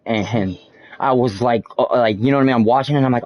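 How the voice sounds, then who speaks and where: A man's voice: medium pitch, brisk, no echo. A man streaming a game, telling a long story in a loose, rambling way, full of fillers and swearing. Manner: rambling, many fillers and restarts, swears often. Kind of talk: casual storytelling while gaming. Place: home streaming setup. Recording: dull dry lo-fi mic.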